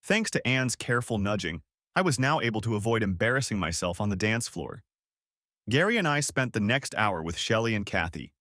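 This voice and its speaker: A man narrating a first-person story as an audiobook reader with a steady storytelling manner. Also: fairly low pitch, brisk, no room sound, studio quality.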